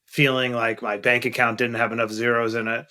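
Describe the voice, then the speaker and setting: A man's voice: mid-range voice, flat delivery, a little fast, sharp tone. A middle-aged man from Queens, candidly telling stories as a guest on an interview podcast. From Queens, New York. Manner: candid, earnest storyteller who stresses key points. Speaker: guest investor.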